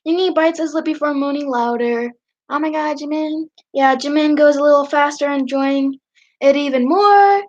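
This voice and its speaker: High-voiced woman reading fanfiction on stream. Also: moderate pace. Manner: giggly, chatty asides and throat-clearing. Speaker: livestream host. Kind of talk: casual reading of fanfiction on a livestream. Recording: dull lo-fi stream audio.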